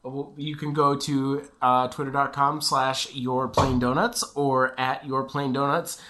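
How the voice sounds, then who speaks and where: A man's voice: mid-range voice, little pitch movement, unhurried, pushed and bright. A man co-hosting a casual podcast, joking around and plugging the show's social media. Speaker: podcast co-host. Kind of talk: casual chat. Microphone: podcast mic on a lap desk.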